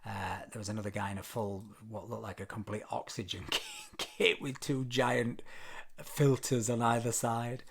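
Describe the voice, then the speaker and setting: A man's voice: lowish voice, little pitch movement, normal speed, creaky, noisy background. A British man vlogging, telling a travel story casually with frequent ums and wry self-deprecating asides. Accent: British English. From Britain.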